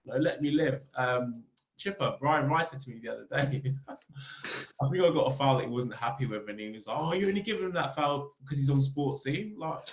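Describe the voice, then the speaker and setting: A man, a football club captain, chatting as a podcast guest and telling lively stories about the game. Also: a little fast. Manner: animated storyteller, rising pitch when telling funny stories. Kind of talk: casual interview chat. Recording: roomy echo.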